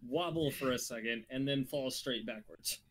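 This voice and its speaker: A man narrating a tabletop game as game master, describing the scenes deliberately and laughing often. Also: medium pitch, fairly bright tone.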